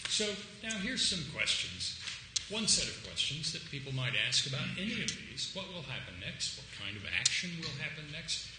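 Guy lecturing in a big echoey room, bright sharp voice, pitch jumps all over, a little background hiss. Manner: animated, emphatic, acts out quoted lines. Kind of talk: academic lecture.

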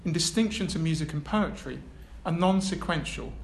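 A fairly high male voice at normal speed reads out an academic lecture, with some hesitant remarks added on the side. The setting is a lecture room, and the sound is echoey with slight background noise.

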